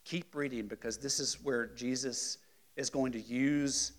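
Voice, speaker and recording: In an unhurried, medium-pitched voice, a man runs a Bible study class with animated, conversational energy. He keeps checking in with the group, growing loud whenever he emphasizes something.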